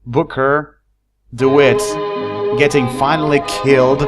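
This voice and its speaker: A man's voice: mid-range voice, little pitch movement, slow pace, loud music behind the voice. A man giving casual let's play commentary, chatty, laughing at the game, a non-native English speaker. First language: not English.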